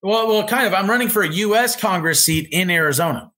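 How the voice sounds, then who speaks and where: A man's voice: sits high, fast, pushed and bright. A man as a guest on a casual podcast interview, talking in an earnest way about spiritual ideas.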